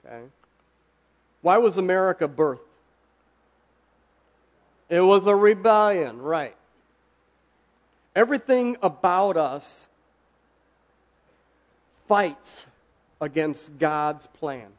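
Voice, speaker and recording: Male preacher, slightly high voice, casual sermon, talks with the room and asks questions, slows on key words. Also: expressive. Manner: conversational, asks the audience questions, slows for emphasis.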